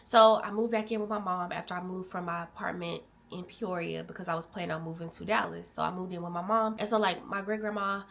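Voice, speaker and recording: A woman's voice: fairly low pitch, fast, vocal fry, few pauses, a little hiss or hum. Candid young woman sharing a personal story. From Illinois. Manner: candid and emotional, addresses viewers as y'all; animated, swings between loud bursts and quiet drops. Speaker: vlogger. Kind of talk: casual storytelling to viewers.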